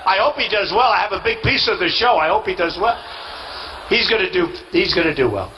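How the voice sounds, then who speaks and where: A man's voice: high-pitched, animated, brisk, bright, forceful tone, a little hiss or hum, poor audio. A man giving a rally speech as a candidate, boastful and rambling, repeating himself and acting out quoted dialogue.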